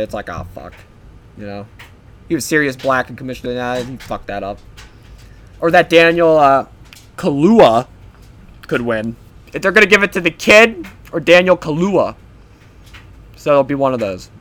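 A man's voice: medium pitch, fairly bright tone. A young man hosting a solo podcast, rambling casually and swearing often. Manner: rambling, profane, offhand. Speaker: podcast host.

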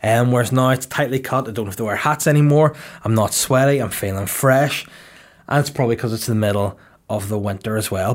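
A man in his thirties hosts a podcast from the studio, chatting loosely from one tangent to the next. He jokes a lot and swears freely, at a middle pitch for a man. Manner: rambling, jokey and sweary. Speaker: podcast host. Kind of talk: casual podcast chat.

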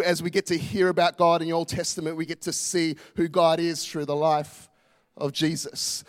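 A male pastor, preaching a passionate, emphatic sermon full of repetition. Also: a little high.

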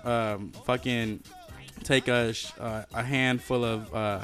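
A man's voice: mid-range voice, fairly even intonation, slow, fairly bright tone, faint music behind. A young man telling a rambling, profane story in casual podcast chat, full of fillers and restarts. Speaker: podcast co-host.

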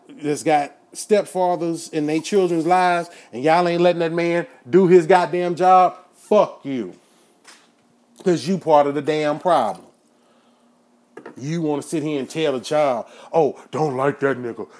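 A man hosting his own show, ranting in a profane, preachy monologue that flares into shouting. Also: a little high, steady tone, unhurried. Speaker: podcast host.

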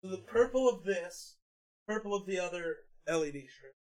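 A man's voice: sits high, expressive, normal speed. A young man and streamer co-hosting a podcast, chatting bluntly and swearing freely. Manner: blunt, swears freely, rants about pet peeves. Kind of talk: casual chat.

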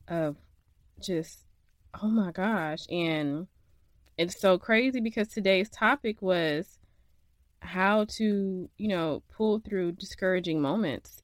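A woman's voice: mid-range voice, no room sound. A young woman hosting a podcast from a makeshift home studio, venting emotionally and laughing through her frustration in a casual monologue. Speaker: podcast host.

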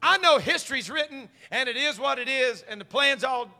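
A male pastor preaches in a very high, bright voice, moving between quiet pleading and shouted calls. His sermon rings through a church sanctuary with a long hall reverb. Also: lively intonation, normal speed. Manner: swings from hushed pleading to shouted exhortation. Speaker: senior pastor.

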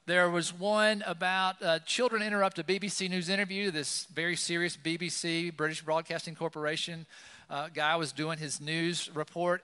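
A man's voice: on the high side, sharp tone, clear, resonant tone, in a large hall. A man preaching a sermon in a conversational style, with many fillers, in a church. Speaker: pastor. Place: church sanctuary.

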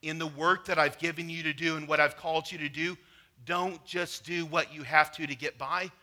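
A man's voice: a little high, steady tone, moderate pace, pushed and bright. A middle-aged man preaching a sermon, talking to the congregation conversationally and telling personal stories. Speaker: pastor.

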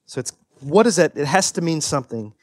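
A man's voice: on the high side, lively intonation. Earnest man preaching a sermon. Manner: earnest, rising to emphatic peaks, then quiet and confessional; halting restarts and repeated words. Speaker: pastor.

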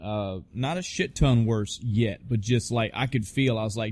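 A man's voice: fairly low pitch, moderate pace, few pauses, a little mellow, no room sound. A man casually telling a personal story, swearing freely and restarting his sentences often. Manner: profane, rambling with frequent restarts. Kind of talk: casual spoken anecdote.

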